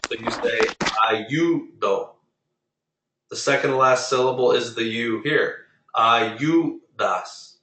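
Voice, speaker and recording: Male teacher, bright voice, drills pronunciation patiently; roomy, distant recording. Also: medium pitch. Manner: patient, explains rules step by step, drills pronunciation. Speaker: Spanish teacher. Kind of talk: online class lesson.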